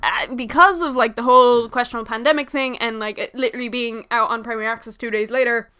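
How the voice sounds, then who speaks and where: Bright voiced woman cohosting a podcast, kinda high, chill and agreeable. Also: fairly even intonation, fast talker, clean tone. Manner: agreeable, laughs easily, fillers. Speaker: podcast co-host. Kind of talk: casual chat.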